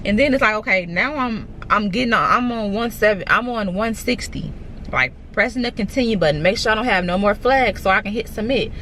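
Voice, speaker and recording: Young woman, mid-pitched voice, casual phone vlog from a car, excited and repetitive, faint road hum behind her. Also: brisk. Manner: excited, repetitive, talks straight to viewers. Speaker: vlogger.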